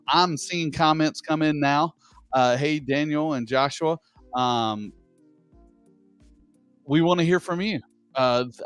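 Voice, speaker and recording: A man with a Southern US accent co-hosting a live show, chatting casually in a rambling, self-deprecating way with frequent halting restarts. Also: medium pitch, clear, resonant tone, no echo. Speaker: co-host.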